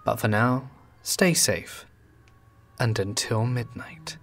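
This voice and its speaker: A man narrating a horror story in a low, hushed, drawn-out delivery. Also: fairly even intonation, soft background music.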